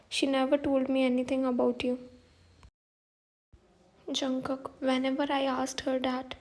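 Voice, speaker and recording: A woman reading the part of a hurt young man who reproaches his mother, naming him before each line in a flat, plain reading. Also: sits high. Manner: reads flatly, each line starting with the figure's name.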